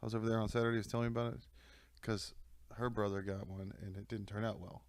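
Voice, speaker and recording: A man's voice: lowish voice, level tone, fast, no room sound, studio quality. A man co-hosting a podcast, bantering and cracking jokes in casual chat. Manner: joking, throws in silly voices and asides. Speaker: podcast co-host.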